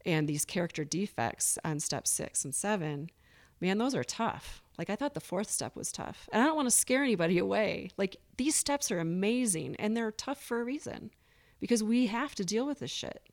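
A woman's voice: mid-range voice, animated, normal speed. A woman guest on a recovery podcast, speaking earnestly and openly, sometimes acting out her own past thoughts. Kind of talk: candid recovery interview.

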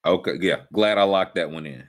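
A man's voice: low-pitched, brisk, a crowd in the background. A man co-hosting a casual sports betting chat, laid-back and slangy. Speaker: co-host.

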